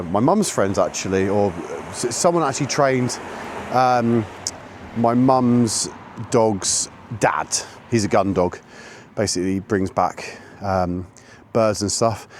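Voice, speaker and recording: Man training his dog on a walk. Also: slight background noise. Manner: sharp high-pitched commands to a dog between relaxed chat. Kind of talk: casual narration while walking a dog. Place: outdoors on a woodland and road walk.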